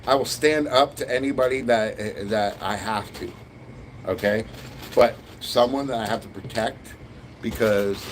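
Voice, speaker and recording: A man's voice: medium pitch, a little hiss or hum. A man chatting bluntly and profanely while streaming a Lego build. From Canada. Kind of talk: casual live-stream chat.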